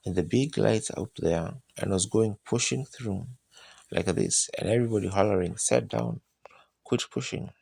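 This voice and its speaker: A man's voice: on the low side, moderate pace, creaky, a little mellow, breathy edge, no echo. A man preaching a sermon, telling a personal story in a folksy, colloquial way and acting out moments as he goes.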